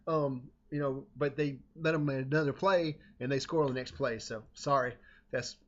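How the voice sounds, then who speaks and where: A man telling a casual personal anecdote in a rambling, animated way, often cutting himself off mid-sentence. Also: mid-range voice, normal speed. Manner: rambling, self-interrupting, animated. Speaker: storyteller. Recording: dull lo-fi recording.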